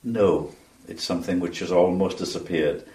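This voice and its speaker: A man in his seventies with a Welsh accent, recalling his past in an interview, measured and pausing with frequent ums. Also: sits low, darkish tone. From Wales. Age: 70s. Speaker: interview guest. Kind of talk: reminiscing interview answers. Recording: roomy sound from a distance.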